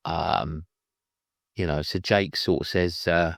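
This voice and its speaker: A man with a very low voice walks through a film's story in a loose, meandering way, often restarting his sentences. The sound is dry, with no room echo. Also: level tone, slow, pauses often, fairly bright tone, smooth. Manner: rambling, meandering retelling with many restarts. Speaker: film reviewer. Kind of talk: casual film recap.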